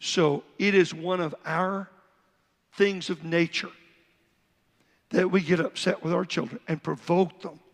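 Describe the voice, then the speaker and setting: Male pastor, raspy fry-heavy voice, preaching in a reverberant sanctuary. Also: sits high, steady tone, a little slow, pauses often. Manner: preaching with repeated asides and Bible reading. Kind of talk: sermon. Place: church sanctuary.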